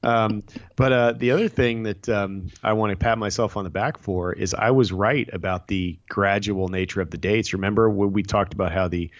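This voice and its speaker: A man's voice: lowish voice, steady tone, normal speed, dry recording, dull audio. A man co-hosting a podcast in casual chat, talking in a dry, hedging way with frequent ums. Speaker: podcast co-host.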